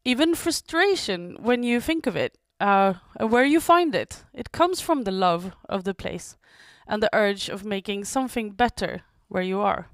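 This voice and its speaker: A woman with a mid-range voice delivers a prepared talk in a steady, deliberate way. The sound is close and dry, with no room around it. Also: medium pitch, no echo. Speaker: speaker and event moderator. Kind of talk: prepared speech.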